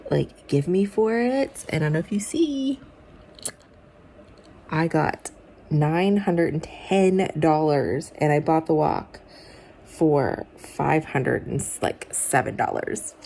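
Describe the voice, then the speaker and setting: Chatty low-voiced woman vlogging. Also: lively intonation, slow, gravelly, dark tone, a little hiss or hum. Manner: chatty, many "like" fillers. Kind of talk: casual vlog chat. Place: car and home.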